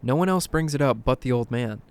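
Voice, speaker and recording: A man reading creepy first-person stories aloud in a dramatic narration, dropping to a hush at tense moments. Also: medium pitch, lively intonation, fairly quick, clean tone. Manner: dramatic, hushed at tense moments, bursts of alarm. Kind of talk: scripted horror story narration.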